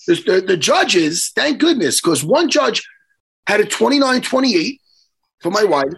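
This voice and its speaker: Middle-aged New man, hoarse gravelly voice, animated high-pitched storyteller, casual podcast host. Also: unhurried. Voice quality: hoarse, worn voice. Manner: animated, profane, acts out quotes.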